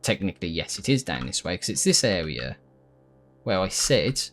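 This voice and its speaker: A man's voice: low-pitched, big pitch swings, moderate pace, fairly bright tone, soft background music. A man giving casual, rambling commentary as he plays a video game, correcting himself often and swearing when frustrated. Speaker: gaming YouTuber.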